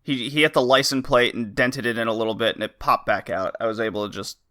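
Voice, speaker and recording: A man co-hosting a podcast, casually telling an animated story, laughing often and swearing casually. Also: mid-range voice, fast. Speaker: podcast co-host.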